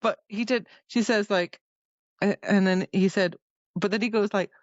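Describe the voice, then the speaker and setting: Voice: medium pitch, fairly even intonation, normal speed, dry recording. Podcast co-host recapping a book, dull sound. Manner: rambling recap, quotes the book's lines. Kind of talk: casual book discussion.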